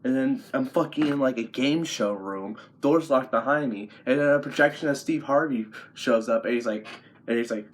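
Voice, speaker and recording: A man's voice: medium pitch, lively intonation, fairly quick, fairly bright tone. A young man casually recounting a dream as a vlogger, profane and rambling, often breaking into laughter.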